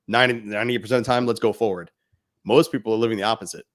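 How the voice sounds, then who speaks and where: A man's voice: mid-range voice, fairly even intonation, rapid-fire. Male podcast co-host, mid-range voice, blunt and profane motivational delivery. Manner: blunt, swears freely, speaks directly to the listener.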